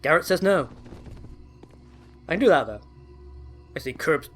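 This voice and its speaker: A man's voice: on the high side, lively intonation, a little slow, long pauses, a bit bright, faint music behind. Chatty man commenting on gameplay. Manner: chatty, enthusiastic, self-correcting. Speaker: let's play host.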